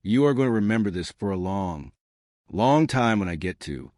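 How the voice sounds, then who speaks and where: A man reading aloud and voicing a gruff, exasperated Marine drill sergeant who yells at a recruit. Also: lowish voice, expressive, normal speed, no echo, clean studio sound, natural voice. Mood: seething. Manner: yelling, exasperated, blustering.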